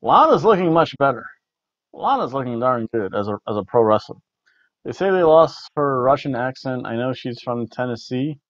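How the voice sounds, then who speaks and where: A man's voice: mid-range voice, lively intonation, normal speed, no room sound. Casual rambling man on a dull recording. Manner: rambling, repeats words, food-rating jokes. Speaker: podcast co-host reviewing wrestling. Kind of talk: casual review chat.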